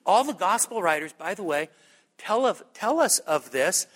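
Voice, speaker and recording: A man preaching a sermon as pastor, animated and humorous, pushing his voice up to high emphatic peaks. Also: normal speed. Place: church sanctuary. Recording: long reverb of a church hall.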